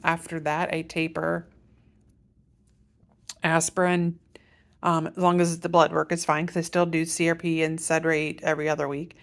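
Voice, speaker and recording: A middle-aged woman from Iowa, USA shares a health update in a casual vlog, talking through her treatment plan as a patient. She rambles and corrects herself, speaking in a lowish voice with vocal fry.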